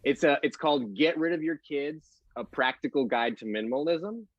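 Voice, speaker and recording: A man in his twenties doing a stand-up set with a deadpan, throwaway delivery. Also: fairly high pitch, normal speed, muffled recording, very noisy. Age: 20s. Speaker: stand-up comedian.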